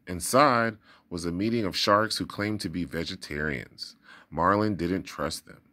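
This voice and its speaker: Deep-voiced man reading a storybook aloud. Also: a little slow. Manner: expressive, dramatic storytelling. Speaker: storybook reader. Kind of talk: read-aloud storybook narration.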